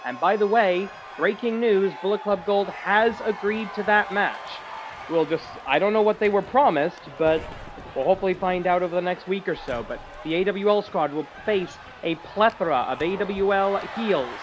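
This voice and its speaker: A man doing excitable, jokey play-by-play commentary for a wrestling show. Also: high-pitched, normal speed, highs cut off. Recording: loud crowd and noise behind.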